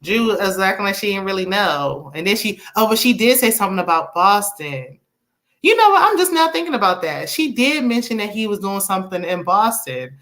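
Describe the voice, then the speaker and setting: A young woman, casually recapping a movie with laughs and quick asides. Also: mid-range voice. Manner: chatty, animated retelling with laughs and acted-out quotes. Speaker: movie review host.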